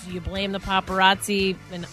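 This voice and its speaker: A woman's voice: medium pitch, flat delivery, brisk, bright, forceful tone, soft background music. A woman co-hosting a morning radio show, chatting and gossiping about the news. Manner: chatty, gossipy, laughs often. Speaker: radio co-host. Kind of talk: casual morning radio chat.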